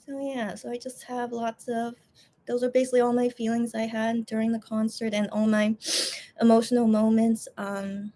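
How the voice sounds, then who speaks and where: A woman's voice: fairly high pitch, flat delivery, normal speed, warm tone. A young woman chatting casually on a livestream, rambling with many fillers and restarts as she talks emotionally about a concert. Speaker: livestream host. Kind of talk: casual chat.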